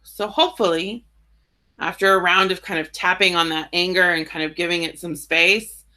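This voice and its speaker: Woman, tapping guide; bright, clear tone; casual explainer who slows into gentle affirmations. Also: lowish voice, steady tone. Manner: casual, uses "right?" and "like" often.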